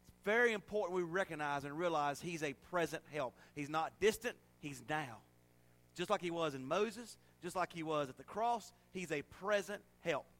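A male pastor preaching a sermon, swinging between loud, emphatic declarations and soft, folksy asides to the congregation. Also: fairly high pitch, moderate pace. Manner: folksy everyday examples with audience asides.

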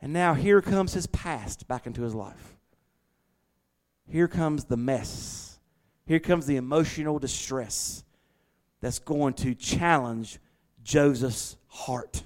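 A man preaching a sermon to his congregation, swinging from loud emphatic lines to quiet, hushed asides. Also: medium pitch, takes it slowly. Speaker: pastor.

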